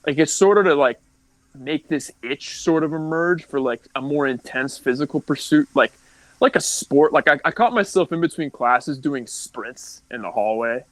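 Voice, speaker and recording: A man's voice: fairly high pitch, animated, moderate pace, a bit bright, no room sound, rough recording. Candid rambling young man. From California. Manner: candid, rambling with many likes and restarts. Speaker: podcast guest. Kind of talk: casual storytelling.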